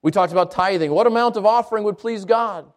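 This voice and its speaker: A man's voice: high-pitched, quick pace. A male pastor preaching a sermon, asking rhetorical questions again and again and restarting words as he goes.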